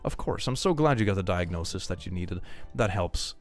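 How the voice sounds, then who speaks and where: A young man chatting casually on a livestream, reading viewer messages aloud, animated, laughing often and repeating phrases. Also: low voice, moderate pace. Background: faint background music.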